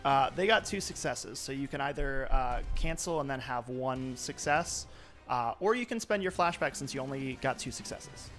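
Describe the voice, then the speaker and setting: A man's voice: medium pitch, animated, normal speed, fairly bright tone, faint music behind. A man narrating as game master of a live tabletop role-playing game, talking loosely with many fillers.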